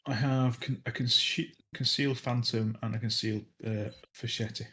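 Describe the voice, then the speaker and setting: A man playing in a casual tabletop role-playing session, at a mid-range pitch. He talks in a hesitant, halting way, often restarting his words. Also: fairly even intonation, bright, forceful tone, husky. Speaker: player.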